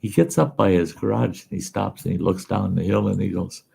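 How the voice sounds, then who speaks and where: Guy telling a funny story, gravelly and dark voice, real folksy. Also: low-pitched, brisk. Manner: folksy, animated yarn-spinning. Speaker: show host. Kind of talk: casual storytelling.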